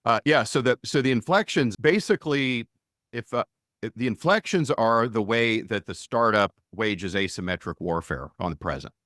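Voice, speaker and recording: A middle-aged man, a venture investor and author, explaining his ideas in an energetic, conversational interview. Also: mid-range voice, moderate pace, dry recording, clean studio sound. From United States. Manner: energetic, conversational, frequent restarts.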